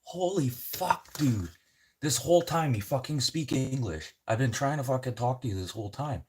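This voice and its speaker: A man lightly acts the part of a frantic, panicked male traveler, pitching his voice above his natural one from a medium base. Speaking at normal speed with lively intonation and slight background noise, he swears in disbelief.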